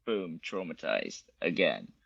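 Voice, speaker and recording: A man's voice: rumbling low, takes it slowly, creaky, breathy edge, no echo, dull audio. A man as a guest in a casual conversation, telling stories animatedly, swearing and acting out what others said. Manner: animated storyteller, swears, acts out quotes. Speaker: guest, bodywork practitioner.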